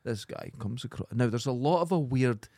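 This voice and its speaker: A man co-hosting a podcast, telling sweary anecdotes in a casual, animated way. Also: mid-range voice, normal speed, no echo, clean studio sound. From Scotland. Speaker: podcast co-host. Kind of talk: casual chat, storytelling.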